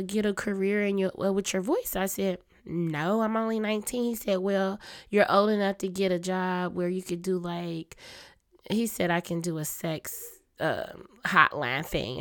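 Chatty woman, a bit hoarse. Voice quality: deeper, grown-up voice than her usual small one. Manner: chatty, confiding, talks straight to listeners as y'all. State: keeps clearing her throat, voice a little hoarse. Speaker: podcast host. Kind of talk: casual personal chat.

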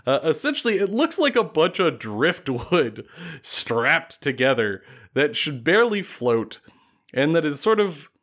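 A man casually retelling a fantasy battle story on a podcast, animated and laughing often. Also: fairly high pitch.

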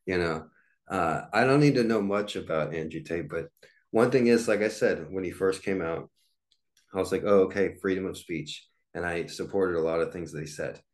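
A man's voice: low voice, moderate pace. A man in his forties hosting a casual solo podcast, rambling with lots of fillers and restarts. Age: 40s. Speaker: podcast host.

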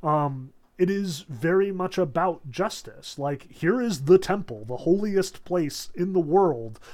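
Man, slightly high voice, casual Bible talk, chatty, lots of "like", quick dramatized asides. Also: animated, a little mellow. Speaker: Protestant speaker on theology. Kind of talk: casual spoken lecture on the Bible.

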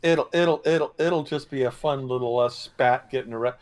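A man's voice: medium pitch, moderate pace, darkish tone. A man co-hosting a podcast, sarcastic and joking in casual political chat. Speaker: podcast co-host.

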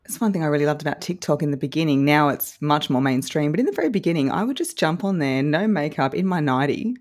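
Low-voiced woman, newsreader polish. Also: expressive, fast talker, a little mellow. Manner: upbeat, encouraging. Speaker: guest social media coach. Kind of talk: podcast advice conversation.

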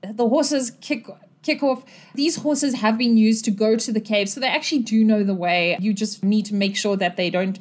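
A woman narrating as game master, lively and quick to laugh. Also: medium pitch. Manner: lively, giggly, animated.

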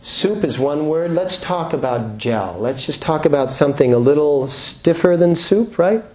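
This is a man leading a yoga class, with a voice pitched a little above the usual. He talks in a relaxed, chatty way, cracks small jokes and checks in with the room. It sounds like a talk given to a room full of students. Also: moderate pace. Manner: relaxed, chatty, joking, with rhetorical questions. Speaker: yoga teacher.

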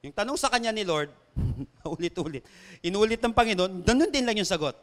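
A man with a Filipino accent preaching a sermon, reading scripture slowly and emphatically between quick conversational asides. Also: sits high, expressive. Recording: long hall reverb.

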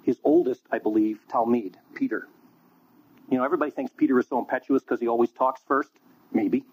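Husky man preaching over a phone-like line. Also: mid-range voice, a little fast. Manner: animated, conversational storytelling. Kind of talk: sermon.

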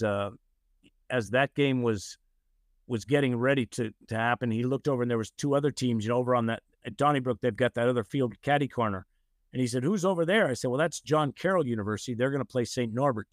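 A man's voice: mid-range voice, no echo. Older man, from the United States, casual storyteller, acts out quotes, dry close sound. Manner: animated anecdotes, acts out quoted voices, frequent "you know". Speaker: guest.

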